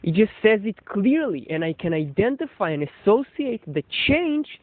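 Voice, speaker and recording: Over a dry, tinny line that sounds like a phone, a high-voiced man muses aloud in a meandering monologue, his pitch leaping and swooping as he goes. He circles his points, restarting often and leaning on fillers. He talks like a storyteller reflecting on his thoughts. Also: big pitch swings, normal speed, no room sound. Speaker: shop owner and storyteller.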